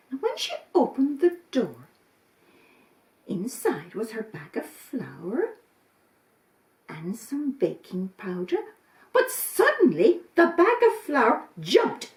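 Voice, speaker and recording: A woman reads a children's story with a lively, sing-song delivery and dramatic pauses. She speaks slowly in a fairly high voice. The sound is roomy and set back from the mic. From Ireland. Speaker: storyteller, volunteer. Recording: roomy, from a distance.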